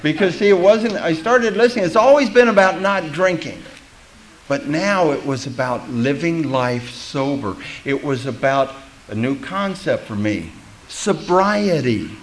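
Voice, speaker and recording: A man's voice: a little high, slight background noise, poor audio. A man giving a personal testimony at a recovery meeting, telling his story candidly and with self-mocking humor, acting out the voices of people he quotes.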